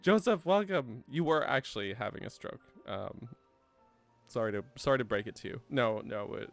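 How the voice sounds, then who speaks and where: Man from Canada, game streamer, chatty and laughing, animated delivery, soft music bed. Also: medium pitch, moderate pace, gravelly. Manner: chatty, laughs often, reads chat aloud. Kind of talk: casual gameplay stream chat.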